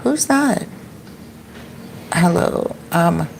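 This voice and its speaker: Chatty lower-voiced woman telling stories. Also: very slow, gravelly, a little hiss or hum. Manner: chatty, animated retelling with acted-out quotes. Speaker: expat vlogger. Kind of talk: casual storytelling to viewers.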